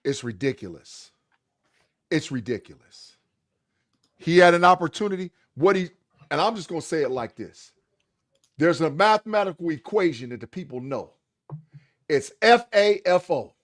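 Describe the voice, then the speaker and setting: A man's voice: on the high side, animated, normal speed, pauses often. A man co-hosting a sports podcast, arguing his point bluntly and emphatically in casual debate. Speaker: podcast co-host.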